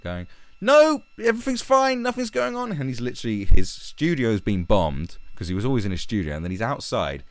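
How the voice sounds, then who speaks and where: A man's voice: deep voice, darkish tone, no echo. A young man hosting a podcast, in a sneering, combative and sarcastic comedic rant full of swearing. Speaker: podcast host.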